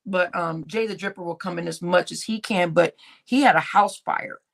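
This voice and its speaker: A woman's voice: lowish voice, normal speed, gravelly. A woman hosting a casual livestream, rambling through a story and acting out what people said. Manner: rambling, acts out quoted dialogue. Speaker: livestream host. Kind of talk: casual live-stream storytelling.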